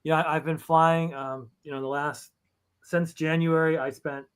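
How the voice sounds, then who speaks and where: A man chatting as a podcast guest, quick and enthusiastic. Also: on the high side, level tone, clean tone. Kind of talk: casual chat.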